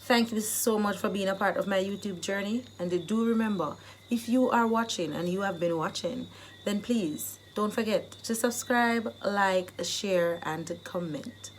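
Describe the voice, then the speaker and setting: A woman hosting a casual video tutorial, teaching phrases and acting them out loudly. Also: medium pitch, a little slow, slight background noise. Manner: animated, acts out phrases loudly. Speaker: YouTube host teaching phrases.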